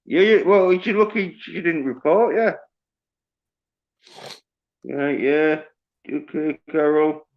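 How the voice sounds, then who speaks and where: A man's voice: on the high side, slow, long pauses, dull audio. A man on a casual livestream, teasing and swearing freely. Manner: profane, teasing. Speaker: livestream guest.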